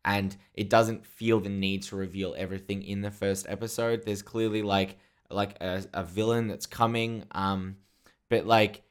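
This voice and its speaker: A man's voice: fairly low pitch, little pitch movement, moderate pace, smooth. A man co-hosting a podcast, chatting casually about a TV show, rambling and joking, often slipping into quoted asides. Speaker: podcast co-host. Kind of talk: casual chat reviewing a TV show.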